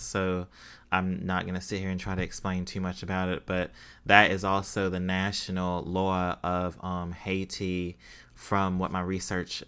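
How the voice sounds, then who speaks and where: A man's voice: fairly low pitch, a bit bright, smooth. A man giving a casual spoken history talk, hesitant, with frequent fillers and self-deprecating asides.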